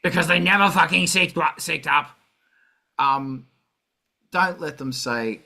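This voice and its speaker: A man's voice: fairly high pitch, takes it slowly, gravelly, pauses often, sharp tone. A middle-aged man hosting a music livestream, talking casually and ranting with heavy swearing.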